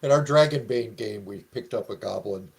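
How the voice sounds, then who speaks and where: A man's voice: fairly low pitch, normal speed, creaky. A man telling tabletop game anecdotes in amused casual chat. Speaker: tabletop gamer.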